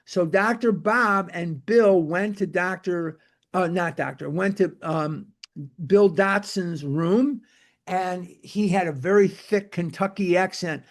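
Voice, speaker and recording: A man's voice: high voice, a little slow. A man speaking to a recovery-program book study group in an emphatic, repetitive lecture style. He sometimes spells words out letter by letter.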